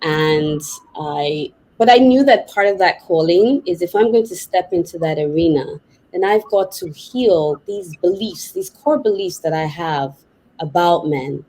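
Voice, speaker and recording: A woman psychotherapist, a podcast guest, telling a personal story in a lively, vivid way. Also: sits low, unhurried, poor audio. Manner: animated, vivid retelling with laughs.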